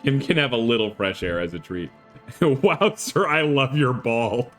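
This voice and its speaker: A man streaming a game, chatting casually with an animated, rambling storytelling manner. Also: mid-range voice, unhurried. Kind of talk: casual chat while playing a game. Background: faint game music.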